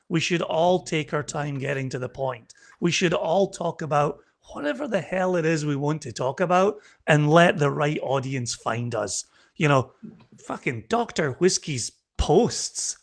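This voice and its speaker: A man who is a guest on a podcast, chatting casually and teasing his friend with stories. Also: on the high side. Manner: playful, teasing storyteller. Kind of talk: casual chat.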